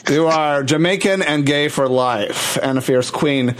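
A man hosting a loose, casual chat in a fairly high voice. He teases his guests and laughs easily as he keeps things moving. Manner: playful, teasing, quick to laugh. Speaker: podcast host.

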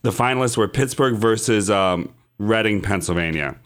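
A man's voice: lowish voice, normal speed, a bit bright. A man hosting a podcast, chatting casually and teasingly correcting the others. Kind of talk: casual chat.

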